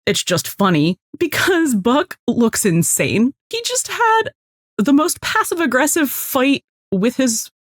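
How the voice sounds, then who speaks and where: Woman co-host, casual podcast banter, profane, quick to laugh, animated delivery. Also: sits high, no room sound, clean studio sound.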